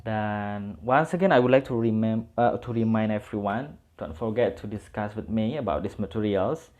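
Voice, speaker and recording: A man with an Indonesian accent teaching English word stress, switching between Indonesian and English and repeating example words slowly. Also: fairly low pitch, animated, darkish tone, dull audio. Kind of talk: online lesson, mixing two languages.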